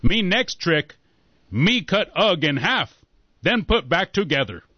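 A man's voice: high-pitched, sing-song, a little slow, no room sound, heavily acted. A man playing a bumbling male caveman magician who talks in broken caveman grammar. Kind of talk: comedy sketch. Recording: dull lo-fi recording.

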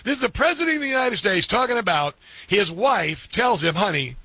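A middle-aged man hosting a talk radio show, animated and mocking, often laughing. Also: high-pitched, brisk, breathy edge, no echo. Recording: dull lo-fi broadcast sound.

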